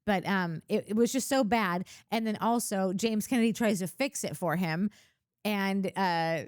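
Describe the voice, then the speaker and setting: A woman's voice: mid-range voice, measured pace, no room sound, studio quality. A woman co-hosting a podcast, chatting casually and rambling as she goes. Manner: rambling, many fillers and restarts. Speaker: podcast co-host. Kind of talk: casual chat.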